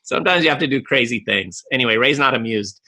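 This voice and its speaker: A man co-hosting a casual discussion from home over a video call, playful and energetic, acting out his stories. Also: medium pitch, fast talker. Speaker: co-host.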